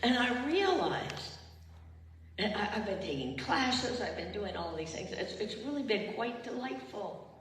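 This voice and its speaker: A woman's voice: mid-range voice, very animated, unhurried, slight background noise. An older woman minister giving a heartfelt sermon and leading her congregation in call and response. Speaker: retired minister. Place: chapel. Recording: echoey hall, far from the mic.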